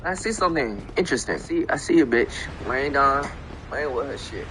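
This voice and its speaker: A young man from Florida telling a long story on a casual stream, with lots of swearing and loud re-enacted quotes. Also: mid-range voice, moderate pace, slight background noise, poor audio. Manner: profane, animated, repeats himself, acts out quotes.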